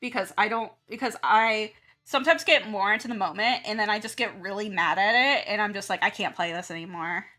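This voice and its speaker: She's an art streamer and teacher from the American South, chatting casually as she draws, rambling and laughing often while acting out her reactions, with faint music behind her. Her mid-range voice is bright and forceful, and she talks briskly with hardly any pauses.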